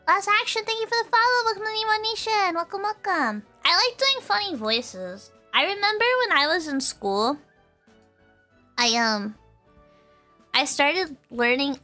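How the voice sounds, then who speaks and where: Young woman, streamer, high voice, giggly, casual chat. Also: unhurried, faint music behind. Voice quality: giggly, bubbly. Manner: animated, playful, often breaking into laughter. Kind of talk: casual chat reading viewer comments.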